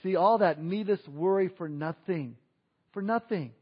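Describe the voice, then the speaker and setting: A man preaching an Easter sermon, telling stories with lively swings and quiet emphasis. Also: sits high, measured pace, husky. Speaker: pastor. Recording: dull lo-fi audio.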